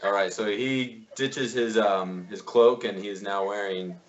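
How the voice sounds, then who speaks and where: A man narrating as game master in a relaxed, easygoing way, often laughing. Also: on the low side, unhurried. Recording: dull lo-fi sound.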